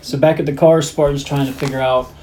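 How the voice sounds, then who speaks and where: A man co-hosting a movie podcast, walking through the plot in a steady, casual recap. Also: medium pitch, a little fast, a loud crowd. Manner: steady plot-summary delivery.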